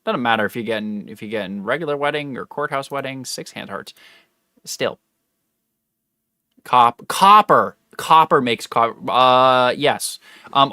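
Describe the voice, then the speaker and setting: Here a young man streams his gameplay and talks loosely with viewers, wandering off and catching his own mistakes as he addresses chat. His medium-pitched voice sounds pushed and bright. There's no echo, and the studio sound is clean.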